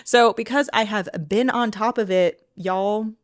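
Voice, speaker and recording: Emotional, animated woman podcast host. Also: mid-range voice, a little slow, no echo, clean studio sound. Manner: emotional, animated, laughs often, swears when passionate. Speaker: podcast host and mindset coach. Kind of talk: casual solo podcast talk.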